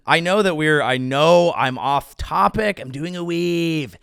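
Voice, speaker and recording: A man's voice: on the high side, measured pace, creaky, hardly any pauses, a bit bright, smooth, dry recording, clean studio sound. A male comedian hosting his show, riffing in a rambling, crude, self-interrupting way. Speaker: comedian host. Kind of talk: comedic commentary.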